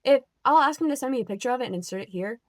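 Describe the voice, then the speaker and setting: A young woman vents on camera about an encounter. Her voice sits a little high, and she talks in a quick, filler-heavy, exasperated way. The recording is close and dry with no room sound. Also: expressive, dry recording. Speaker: vlogger. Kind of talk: casual storytelling rant.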